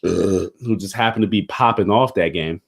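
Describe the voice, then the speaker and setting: A young man talks through a football week in a loose, rambling way, thick with slang, swearing and fillers. His voice sits fairly low, and he burps now and then. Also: moderate pace, vocal fry, breathy edge. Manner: burping. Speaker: football commentator. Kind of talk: casual sports recap.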